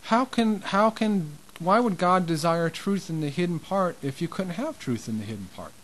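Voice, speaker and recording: A man's voice: high voice, animated, moderate pace, a little hiss or hum, poor audio. Impassioned man preaching an informal sermon. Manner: conversational and impassioned, with restarts and rising emphasis.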